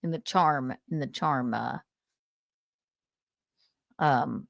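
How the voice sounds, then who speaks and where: A woman's voice: very deep voice, drawn-out words, gravelly, no room sound. A young woman hosting a livestream, chatting casually and reading viewer comments, giggling and losing her words as she rambles. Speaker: livestream host.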